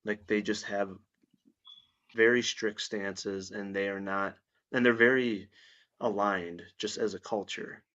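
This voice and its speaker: A low-pitched man talks bluntly and with strong opinions, dropping the odd curse as he chats on a podcast. His voice comes through a dull, lo-fi recording. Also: fairly even intonation, slow, fairly bright tone. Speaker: guest. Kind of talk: casual podcast chat. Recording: dull lo-fi sound.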